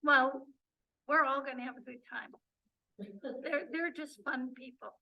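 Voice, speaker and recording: A woman from the Detroit area giving a chatty club presentation full of fillers, her voice going hoarse, recorded from a distance in a meeting room. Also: high-pitched, measured pace, dull audio. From Detroit area, Michigan. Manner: chatty, many fillers and restarts. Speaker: presenter and journey coordinator. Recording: voice picked up from a distance.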